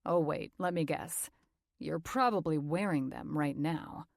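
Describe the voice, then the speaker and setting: A woman voicing a young male actor who soothes and teases his co-star in a slightly lowered voice. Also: a little slow, vocal fry, no room sound, studio quality. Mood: teasing. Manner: soothing, teasing. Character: teasing, gentle male actor, young adult.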